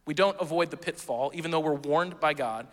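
A man preaching a sermon as pastor, conversational and playful, with quick asides to the congregation. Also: fairly high pitch, fairly bright tone. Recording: long hall reverb.

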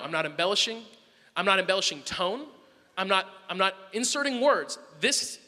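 A man preaching a sermon, telling a family story with animated swings between loud bursts and soft asides. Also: extremely high pitch, in a large hall, slight background noise. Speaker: pastor.

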